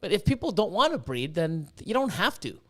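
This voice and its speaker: A man on a podcast telling stories in a casual, excitable way, swearing freely and acting out what people said. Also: sits high, brisk. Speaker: podcast guest. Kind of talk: casual storytelling.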